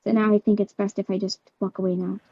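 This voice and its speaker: A woman's voice: mid-range voice, level tone, fast talker, dry recording, pitched below the performer's own voice, natural voice. A woman voicing an earnest young female princess pony who speaks with restrained sadness, recorded on a dull, dry home mic. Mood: heartbroken.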